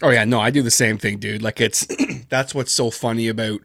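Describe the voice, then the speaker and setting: A man's voice: mid-range voice, fairly even intonation, a little fast, gravelly, a bit bright, no room sound, studio quality. A man talking casually in an interview, rambling with lots of fillers and self-deprecating asides. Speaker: podcast guest, horror narrator.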